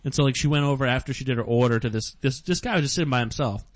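Man, comedian co-host, casual chat, animated storytelling, frequent laughter, mid pitch. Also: racing, no echo.

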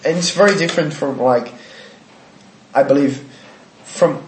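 A man's voice: on the high side, a little slow. A man with a Brazilian accent who speaks English as a second language, stumbling and repeating words as he searches for phrasing in casual chat. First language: Portuguese. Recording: echoey room, faint noise.

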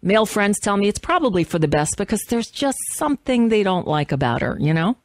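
A woman in her fifties, a radio host, reading an essay aloud with measured, impassioned delivery. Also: mid-range voice, big pitch swings, dry recording.

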